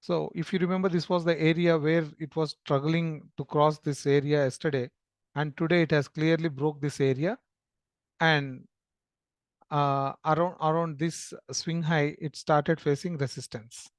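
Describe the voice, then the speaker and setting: A man walks through a trading chart as a screen-share lesson, explaining in a steady, filler-laden way. His voice sits a little high for a man and is recorded close and dry, with no room sound. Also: unhurried, dry recording. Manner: explanatory, with frequent fillers and restarts. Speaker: trading educator.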